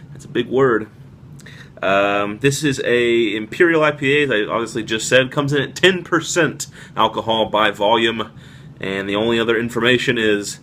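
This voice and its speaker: A man talking casually to the camera as he reviews a beer, relaxed and descriptive, with frequent fillers. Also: lowish voice, moderate pace, a little hiss or hum.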